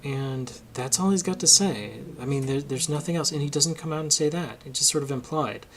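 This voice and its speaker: A man's voice: a little high, fairly quick, slight background noise. Worked-up man ranting about politics. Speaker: political commentary vlogger. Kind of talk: casual opinion monologue.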